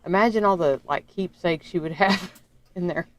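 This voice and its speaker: A woman co-hosting a casual chat, teasing and quick to laugh. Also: lowish voice. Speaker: podcast co-host.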